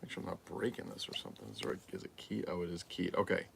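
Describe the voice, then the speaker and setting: Low gravelly man chatting through a toy build. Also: very animated, fast. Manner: chatty, crude jokes, muttering to himself while assembling. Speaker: toy collector livestream host. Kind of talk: casual unboxing livestream chat.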